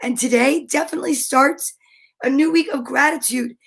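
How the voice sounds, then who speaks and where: High, gushing woman hosting a kids' show. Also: normal speed, gravelly. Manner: gushing, excitable, frequent gasps. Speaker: children's show host. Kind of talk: enthusiastic talk to young viewers.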